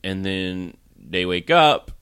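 A man's voice: low-pitched, animated, takes it slowly, a bit bright, clear, resonant tone, no room sound. A man hosting a casual movie review podcast, recapping the plot in a rambling way with lots of "like" and laughs. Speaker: podcast host.

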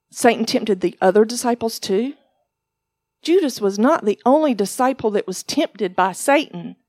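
A woman teaching a sermon, telling her testimony in an animated storytelling way and acting out other people's voices. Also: medium pitch, no room sound. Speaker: ministry teacher.

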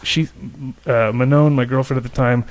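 A man in casual podcast chat, telling an animated story with plenty of swearing and laughter mid-sentence. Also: medium pitch, normal speed.

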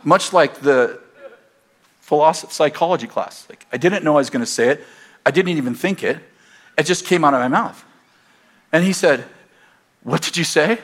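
A pastor telling a personal story in a sermon, acting out both sides of the conversation in an animated way. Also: male voice, fairly high pitch, moderate pace, long pauses. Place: church.

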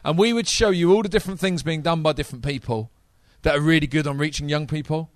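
A man preaching a sermon to a live congregation, energetic and talking straight to the audience. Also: fairly high pitch, fast, no room sound.

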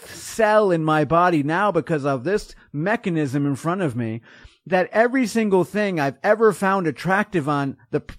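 A man hosting a podcast, talking in an animated, joking way and acting out little voices. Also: high-pitched, no room sound. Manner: animated, jokey, acts out voices. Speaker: podcast host. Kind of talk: casual chat.

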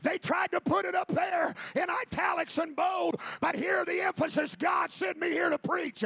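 A man preaching a Pentecostal sermon, shouting his points with rising fervor and then dropping low to tell a story. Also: fairly even intonation, normal speed, vocal fry, few pauses, no room sound. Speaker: pastor.

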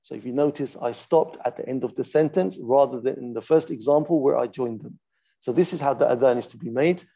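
Male religious teacher, methodical explainer, warm gravelly voice, steady and unhurried. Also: mid-range voice. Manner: patient, methodical, stops to demonstrate recitations. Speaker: Islamic studies teacher. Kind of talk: explaining a classical text.

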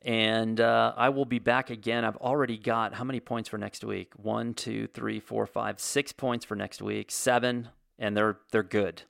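A man's voice: fairly low pitch, flat delivery, a little slow, vocal fry, few pauses, a bit bright, no echo, studio quality. A man hosting a casual opinion monologue, rambling and blunt, with many restarts and asides. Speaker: host.

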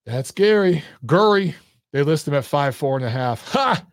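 A man's voice: on the high side, lively intonation, moderate pace, no echo, clean studio sound. A man hosting a boxing chat stream, talking bluntly and profanely straight to his viewers while losing his voice. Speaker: boxing show host. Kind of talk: casual live-stream chat.

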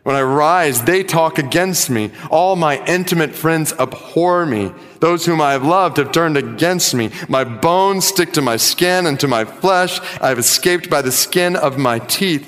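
A man preaching a sermon, reading scripture slowly and with rising emphasis. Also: fairly high pitch, lively intonation, fairly bright tone. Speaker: pastor. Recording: music behind, long hall reverb.

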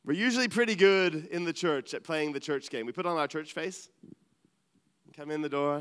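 A middle-aged man preaching a sermon, earnest and animated, dropping to quiet asides. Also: on the high side, moderate pace, clear, resonant tone. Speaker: pastor. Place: large church hall. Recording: reverberant church hall.

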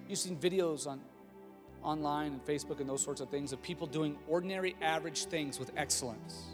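A man in his thirties, a pastor delivering a sermon in a conversational, humorous way that builds to emphatic repetition. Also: fairly high pitch. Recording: long hall reverb with faint music.

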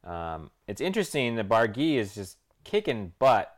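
Low voiced guy cohosting, lots of ums, gets excited. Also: moderate pace. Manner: excitable, hesitant with many ums. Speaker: podcast co-host. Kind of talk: casual chat.

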